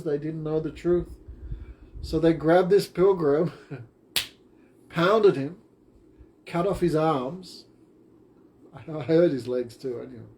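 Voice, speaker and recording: A man's voice: fairly high pitch, warm tone. A man teaching a class, retelling a story in simple, short phrases.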